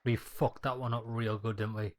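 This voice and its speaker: A man's voice: on the low side, little pitch movement, moderate pace, a little hiss or hum. A man hosting a gaming video, giving blunt, mocking and sweary commentary as he plays. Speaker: gaming channel host.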